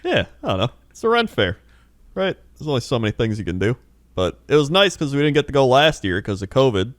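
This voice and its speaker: A man's voice: mid-range voice, very animated, a little fast, dry recording, studio quality. A man co-hosting a casual comedy podcast, telling rambling stories and laughing often. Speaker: podcast co-host.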